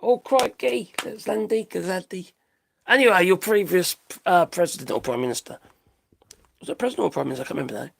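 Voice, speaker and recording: A man's voice: high voice, a little fast, gravelly, fairly bright tone. Sweary British man ranting live. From Britain. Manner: blunt, sweary, rambling, laughs at own jokes. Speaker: live stream host. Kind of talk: casual live-stream commentary.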